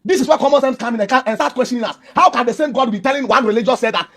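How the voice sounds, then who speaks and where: A man's voice: very high voice, rapid-fire, a bit bright. A man, arguing emphatically and preachily in a heated religious debate and repeating his points. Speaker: Christian debater.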